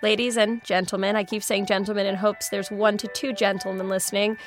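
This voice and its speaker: A woman's voice: mid-range voice, little pitch movement, brisk, faint music behind. A woman hosting a radio interview show from a studio, effusive and joking, laughing often. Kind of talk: warm, chatty interviewing.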